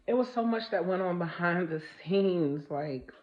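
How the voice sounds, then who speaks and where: A woman's voice: fairly low pitch, expressive, normal speed, dull audio. A woman giving a casual spiritual vlog monologue, speaking bluntly and emphatically, repeating phrases for stress and swearing freely. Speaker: spiritual vlogger.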